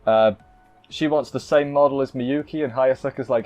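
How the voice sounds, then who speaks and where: Man, casual anime review, rambling, self-interrupting, mid-pitched, slightly dull lo-fi sound. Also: moderate pace, a little mellow, soft background music. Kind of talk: casual episode recap.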